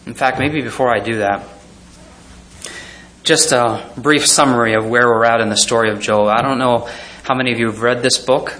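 A man delivers a sermon in a bright, forward voice of middling pitch. He reads verses aloud, then breaks into frequent chuckles, with plenty of fillers and restarts as he thinks aloud. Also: normal speed. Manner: animated, chuckling often, reads scripture aloud. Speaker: pastor.

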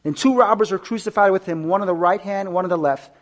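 Man, preacher, high voice, sermon with scripture reading, stammered restarts, repeats words for emphasis. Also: quick pace. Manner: repeats key words for emphasis and questions the listeners.

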